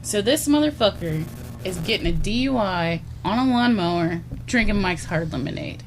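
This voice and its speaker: A woman's voice: lowish voice, lively intonation, moderate pace, soft background music. A woman co-hosting a casual comedy podcast, swearing freely and telling a made-up story with little put-on voices. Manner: profane, storytelling, acts out voices. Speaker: podcast co-host.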